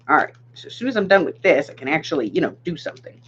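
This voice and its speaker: Craft vlogger, woman with a sore throat, animated and chatty, muffled home recording. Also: sits low, racing. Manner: chatty, talks to viewers, laughs often. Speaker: craft shop owner and vlogger. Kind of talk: casual chat while crafting. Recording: dull lo-fi sound with faint hiss.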